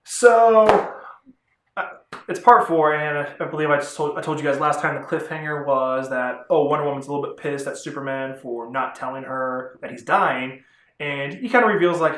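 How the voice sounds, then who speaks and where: A man's voice: mid-range voice, normal speed, fairly bright tone. A man rambling through a casual vlog review of comic books, chatty and often correcting himself. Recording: roomy echo.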